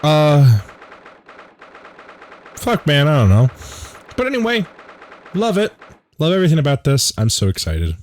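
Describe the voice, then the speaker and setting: A man hosting a casual let's play, rambling excitedly and joking between dialogue lines. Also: fairly high pitch, unhurried, pauses often, slight background noise. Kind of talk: casual gaming commentary.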